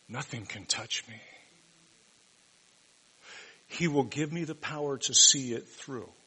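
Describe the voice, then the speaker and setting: A man preaching a sermon, moving from hushed, reflective passages to loud, emphatic proclamations. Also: mid-range voice, husky, rough recording. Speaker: pastor.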